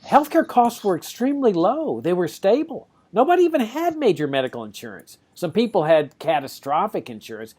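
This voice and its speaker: Animated man, podcast host. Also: brisk, few pauses, husky. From Laredo, Texas. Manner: animated, sarcastic, swings pitch up for emphasis. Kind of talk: podcast discussion.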